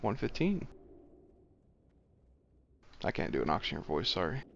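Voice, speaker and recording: A low, gravelly male voice coming through muffled lo-fi voice chat. He runs a game raid, calling out bids and directions in a plain, matter-of-fact way. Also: wildly swooping pitch, unhurried, long pauses, a bit bright, a little hiss or hum. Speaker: raid leader running loot auction. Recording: dull lo-fi voice chat audio.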